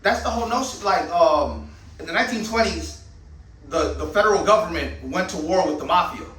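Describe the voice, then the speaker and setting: A man's voice: fairly high pitch, pushed and bright, reverberant, far from the mic, a little hiss or hum, rough recording. A man, a channel host and veteran, delivering a heated, profane monologue full of rhetorical questions. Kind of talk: ranting monologue.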